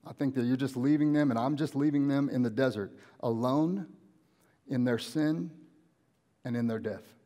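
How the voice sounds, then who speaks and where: A young man preaching a casual sermon in a church auditorium, animated and often acting out everyday conversations in different voices. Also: medium pitch, moderate pace. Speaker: pastor.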